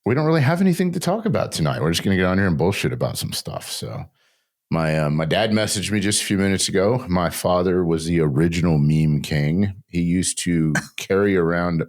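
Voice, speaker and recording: Middle-aged male podcast host, very deep voice, chatty and joking, talks nonstop. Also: a little mellow. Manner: rambling, joking, talks without pause. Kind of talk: casual podcast chat.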